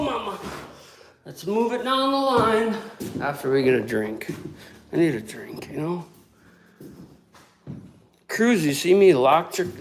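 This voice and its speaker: A man working as a building contractor, grumbling and swearing to himself and his viewers as he works. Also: fairly high pitch. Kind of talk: casual work vlog, talking while working. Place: windowless building under construction, indoors. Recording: echoey room, distant mic, faint noise.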